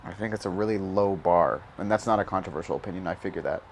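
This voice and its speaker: A man's voice: deep voice, quick pace, slight background noise. A young man giving casual, rambling commentary while playing a driving game, swearing often and laughing at his own jokes. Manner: rambling, profane, self-mocking, laughs often. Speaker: gaming YouTuber.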